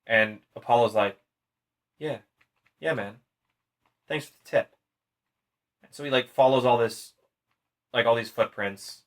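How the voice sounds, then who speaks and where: A man's voice: mid-range voice, a little slow, pauses often. A tipsy man casually retelling a myth on a podcast, swearing constantly and acting out the characters' lines. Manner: profane, animated, acts out characters' lines. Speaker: podcast storyteller.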